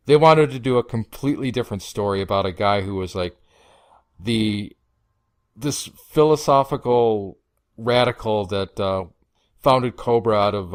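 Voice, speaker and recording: A low-voiced man from Canada joining a movie commentary as a guest. He rambles through his points with plenty of fillers and restarts. The sound is close and dry. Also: smooth, no echo. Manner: rambling, hesitant, many fillers. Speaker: podcast guest.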